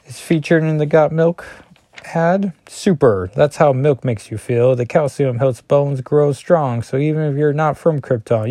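A man's voice: on the high side, dark tone, no echo. Chatty man with dry, close sound. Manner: chatty, self-deprecating asides, lots of "like". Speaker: comic book vlogger. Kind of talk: casual comic reading and commentary.

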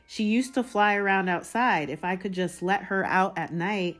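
A woman's voice: medium pitch, normal speed, faint music behind, pitched above the performer's own voice, natural voice. A put-upon young boy wizard who keeps trying to explain himself, voiced by a woman reading a storybook. He pleads in a lifted, earnest tone. The voice stays close to the reader's own. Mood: pleading.

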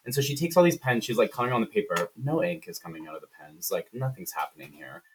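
A man's voice: on the low side, lively intonation, fast talker, slightly rough. A man co-hosting a podcast, recapping a film in a rambling, profane, casual way full of fillers. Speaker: podcast co-host. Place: room shared with co-host. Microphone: shared computer setup.

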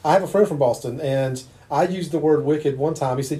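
Speaking briskly in a warm, fairly high voice, this Southern-accented man from eastern North Carolina conducts a conversational interview. He chats easily with his guest, affirms what they say and tells anecdotes.

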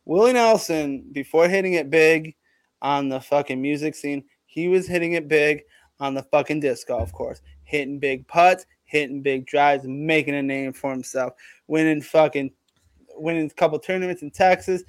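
A man spinning a rambling, profane tall tale in loose comedic chat. His voice sits a bit high for a man and sounds close and dry, with no room around it. He piles on hype as he goes. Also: moderate pace, no echo. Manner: rambling, profane, hyped storytelling.

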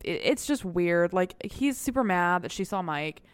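A woman's voice: fairly low pitch, expressive, moderate pace, clean tone, no room sound. Giggly woman podcast co-host. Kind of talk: casual chat recapping a TV show.

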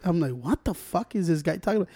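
Fast-talking high man. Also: expressive, dark tone, slightly rough, no room sound, clean studio sound. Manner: fast, defensive joking, swearing. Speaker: podcast co-host and cameraman. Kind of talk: casual banter.

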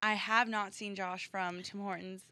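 A young woman chats casually with a bright, forward tone. She reads comments aloud and banters, recorded close and dry on a studio mic. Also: mid-range voice, level tone, a little slow, no echo. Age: young adult. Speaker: podcast co-host. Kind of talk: casual chat.

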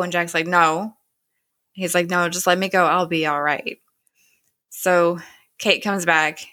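Woman, casual scene-by-scene recap, slightly low pitch, bright tense tone, quotes characters loosely. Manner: retells scenes with "he's like" quotes. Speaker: show recapper.

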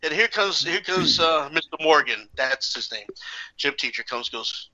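Bright-voiced man telling a lively story. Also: a little high, normal speed, highs cut off. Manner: animated, acts out the characters. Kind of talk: casual anecdote.

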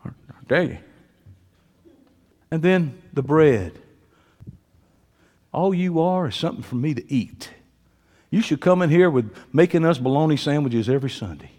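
A man preaching a sermon, folksy and joking, swinging from quiet asides to loud preaching. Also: on the high side, lively intonation, measured pace, long pauses, long reverb tail. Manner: folksy, joking, uses y'all and ain't. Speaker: pastor. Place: church sanctuary.

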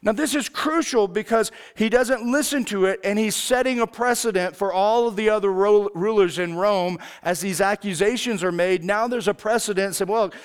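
Man, pastor, sermon, conversational, smooth resonant voice. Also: sits high, moderate pace, few pauses. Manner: casual, conversational preaching with frequent fillers.

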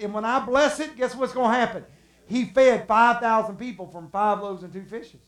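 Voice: medium pitch, moderate pace. Preacher with an echoing room sound. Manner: animated, acts out the stories with shouts and drops to a hush. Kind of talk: sermon. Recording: roomy echo.

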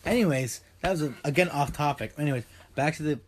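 A man's voice: fairly high pitch, fast talker, slight background noise. A young man hosting a podcast in casual chat, rambling and joking, swearing often and trailing off into fillers. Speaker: podcast host.

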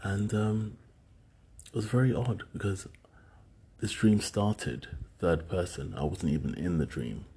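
Low gravelly man musing alone. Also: measured pace, warm tone. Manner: rambling, hesitant with many fillers. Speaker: solo speaker recounting dreams. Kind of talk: casual monologue.

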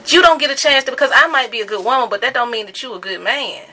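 A woman's voice: on the high side, fast talker, bright, forceful tone. A woman co-hosting a casual podcast chat, playful and emphatic with a sassy edge. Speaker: podcast co-host.

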